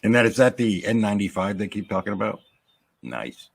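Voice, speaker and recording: A man's voice: on the low side, big pitch swings, fairly quick, vocal fry, breathy edge, dry recording. A man hosting a casual chat show, joking and rambling with a guest over a call. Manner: joking, rambling, laughs often. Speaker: host.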